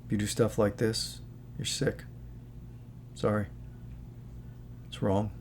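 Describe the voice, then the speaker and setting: A man's voice: fairly low pitch, level tone, slow pace, darkish tone, slight background noise. A man talking in a casual, earnest commentary, moralizing and rambling with many asides as he hosts his own channel. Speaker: channel host.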